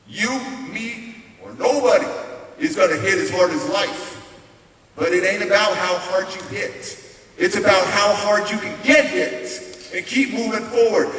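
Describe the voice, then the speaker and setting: A man putting on the voice of a tough, streetwise male boxer. He talks in a slurred, gruff tough-guy way. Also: sits high, pushed and bright, pitched above the performer's own voice. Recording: echoey hall from far off, faint hiss.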